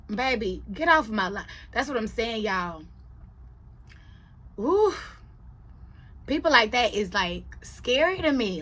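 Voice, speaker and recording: A young adult woman chatting casually on her vlog, telling a story with big swings from low, quiet asides to loud, high exclamations. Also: sing-song, unhurried, pauses often. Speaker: vlogger. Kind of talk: casual chat.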